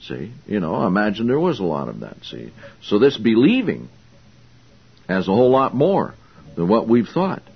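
Husky, animated preacher man. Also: fairly low pitch, normal speed, dull audio. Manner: emphatic, confrontational, rhetorical questions. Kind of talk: sermon, Bible exposition.

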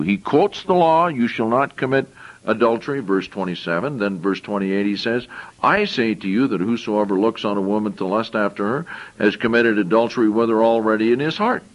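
A man's voice: medium pitch, expressive, normal speed, rough recording. Man preaching, scripture and plain asides. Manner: reads verses aloud, then explains in plain conversational asides; repeats words and restarts phrases while thinking aloud. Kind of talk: sermon with scripture reading.

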